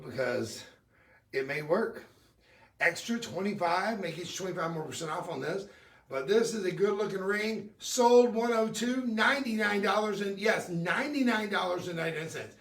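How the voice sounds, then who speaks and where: Shopping host: middle-aged man, slightly high, gravelly voice, chatty upbeat sales patter, echoey studio with a distant mic. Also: fairly bright tone. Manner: chatty, upbeat, tells personal stories. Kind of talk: live-stream jewelry sales pitch.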